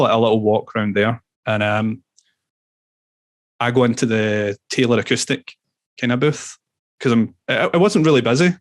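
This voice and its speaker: A man, a musician as podcast guest, telling animated stories with swearing and laughs. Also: lowish voice, dry recording. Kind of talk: casual storytelling interview.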